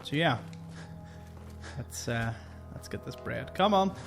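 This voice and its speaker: A man's voice: mid-range voice, lively intonation, slow pace, creaky, faint music behind. Chatty man doing game commentary. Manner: chatty and jokey. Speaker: gaming youtuber. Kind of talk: let's play commentary.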